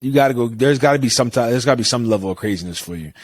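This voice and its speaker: A man's voice: medium pitch, animated, rapid-fire. A young man, podcast co-host, talking casually in a laid-back way with casual swearing. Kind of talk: casual chat.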